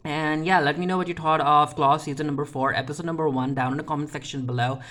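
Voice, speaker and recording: A TV episode reviewer in a casual recap, who retells scenes with quick paraphrased quotes and talks in a chatty way, with frequent fillers and restarts. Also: medium pitch, fairly even intonation, fairly bright tone.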